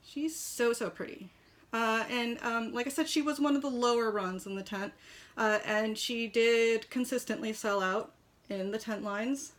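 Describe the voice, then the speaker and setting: A woman's voice: a little high, fairly even intonation, a little slow, fairly bright tone. A woman chatting casually from her kitchen as she reviews a collectible model horse, gushing, with lots of fillers. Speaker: toy shop owner reviewing a model horse. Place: home kitchen.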